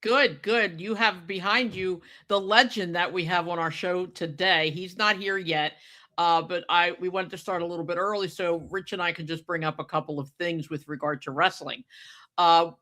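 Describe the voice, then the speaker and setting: Bright, emphatic woman podcast host. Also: lowish voice. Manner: emphatic, chatty, keeps adding "okay?". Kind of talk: casual podcast chat.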